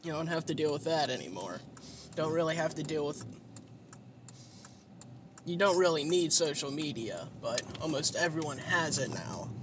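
This man's voice is a little high with lively intonation, at normal speed but broken by frequent pauses. Sleepy and tired, he rambles casually as he drives, cursing often and stuffing his talk with fillers over the hum of the road and engine.

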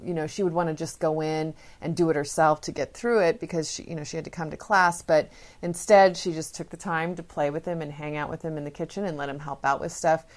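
A woman's voice: sits low, steady tone, a little fast. A woman parenting educator chatting casually, retelling stories with fillers. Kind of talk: casual storytelling talk.

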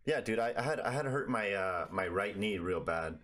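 A man's voice: on the low side, lively intonation, normal speed, a bit bright. A man telling a story in casual, profane conversation over a video call, rambling with lots of fillers.

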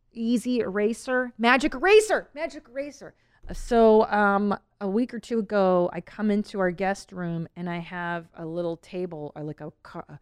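A woman's voice: on the low side, clear, resonant tone, dry recording, studio quality. A woman in her thirties hosting a podcast, chatting casually and rambling, laughing often. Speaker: podcast host. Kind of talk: casual chat.

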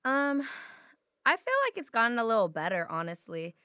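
A young woman co-hosting a podcast in casual chat, her voice a bit hoarse from a sore throat. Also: a little high, normal speed, no echo, studio quality. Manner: relaxed, chatty, lots of fillers. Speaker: podcast co-host.

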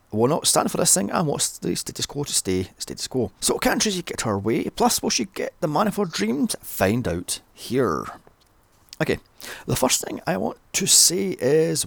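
Blunt guy reviewing films, swears a lot, gravelly and animated. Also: medium pitch, dry recording. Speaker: film reviewer. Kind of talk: casual solo review.

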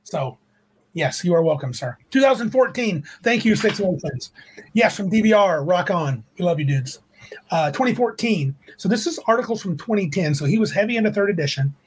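A man's voice: sits high, lively intonation, brisk, slight background noise, poor audio. A man co-hosting a livestreamed tabletop gaming talk show, chatting casually and rambling as he corrects himself. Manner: rambling, self-correcting, reads quotes aloud. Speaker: podcast co-host.

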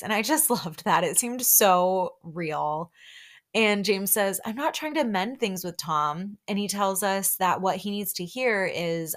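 A woman's voice: mid-range voice, animated, measured pace. A young woman hosting a podcast, chatting casually and gushing as she recaps a reality show, full of "like" and little laughs. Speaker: podcast host.

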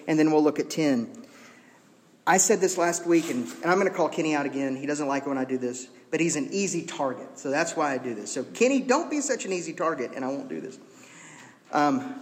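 A man's voice: on the high side, big-room sound. A man preaching a sermon in an earnest, conversational way, with teasing asides to the congregation. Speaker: pastor.

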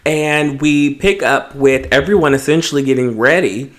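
A man co-hosting a podcast in casual chat, recapping reality TV with dry quips and quick agreement. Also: mid-range voice. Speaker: podcast co-host.

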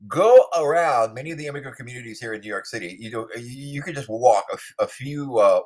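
A man's voice: mid-range voice, quick pace. A man delivering an opinionated, sarcastic political monologue, rambling with many fillers and asides. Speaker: political commentator. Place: New York City.

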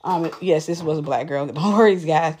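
A woman's voice: deep voice, moderate pace, darkish tone, husky. A woman telling a personal story straight to the camera in a casual, emphatic way, often restarting and repeating words. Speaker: vlogger.

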